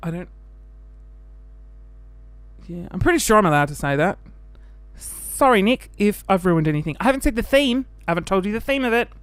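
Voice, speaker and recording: An Australian man with a high voice hosts his own podcast, chatting in an animated, camp way. He laughs a lot and breaks into quick bursts of mock voices. The recording is dry, and the talk is casual.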